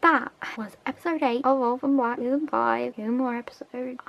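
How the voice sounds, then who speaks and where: A young woman recapping a TV episode in a casual vlog, excitable and chatty, full of "like" and "sort of". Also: high-pitched, normal speed, gravelly, few pauses, slight background noise, poor audio. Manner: excitable, retells scenes with lots of "like" and "sort of". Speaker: TV episode reviewer.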